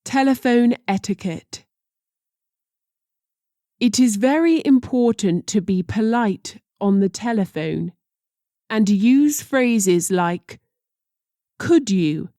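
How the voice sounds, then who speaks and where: Slow, careful woman reading phrases. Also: medium pitch, expressive, mellow, no echo, clean studio sound. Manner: slow and deliberate, careful pronunciation. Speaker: language teacher.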